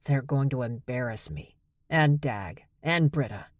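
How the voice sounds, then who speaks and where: A woman reading an audiobook, voicing a confused, earnest male shifter who is in love, speaking slowly and hesitantly in a lower, softer voice. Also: lively intonation, no echo, studio quality. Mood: earnest, flustered.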